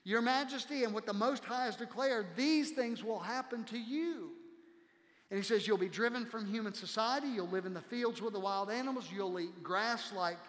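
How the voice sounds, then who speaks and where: High-voiced preacher in a reverberant church hall. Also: male voice, moderate pace. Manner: impassioned, drops to hushed tones for quotes. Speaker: pastor. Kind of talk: sermon. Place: church sanctuary.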